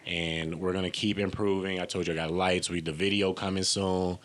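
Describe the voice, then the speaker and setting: A man hosting a podcast in a mocking, incredulous comedic rant, laughing often and jumping up high on repeated exclamations. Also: flat delivery, normal speed, fairly bright tone. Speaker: podcast host. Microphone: camera and mic at home.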